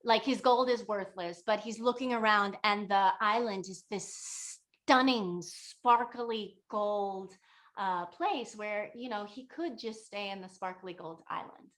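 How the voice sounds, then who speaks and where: A woman's voice: mid-range voice, measured pace. Give me a chatty woman teacher casually retelling an old legend. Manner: chatty, lots of "like" and fillers, lively retelling. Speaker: yoga and meditation teacher. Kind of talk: casual spoken storytelling.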